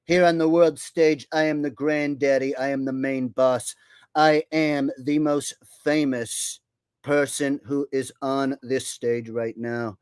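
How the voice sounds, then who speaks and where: A man's voice: mid-range voice, flat delivery, takes it slowly, a little mellow, clear, resonant tone, no echo, close to an everyday voice. A man doing an impression of a boastful, blustering older male president who repeats himself and bullies his listener. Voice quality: repetitive, bragging, bullying cadence.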